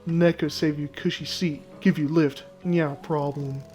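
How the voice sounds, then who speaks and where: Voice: medium pitch, fairly even intonation, a little slow, darkish tone, faint music behind, close to an everyday voice. A player doing a pompous sailor cat. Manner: clipped pidgin phrasing sprinkled with Japanese words. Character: boastful male cat sailor, broken speech.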